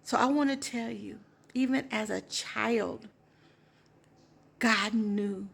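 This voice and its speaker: A woman's voice: fairly high pitch, slow, vocal fry, pauses often, husky. A woman in her sixties telling a personal testimony in an emotional, heartfelt way. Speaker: storyteller giving a testimony.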